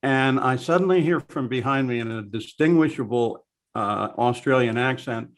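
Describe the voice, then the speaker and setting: A man's voice: on the high side, fairly quick. Older male guest, veteran broadcaster, spins anecdotes over a video call. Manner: storytelling, animated anecdotes.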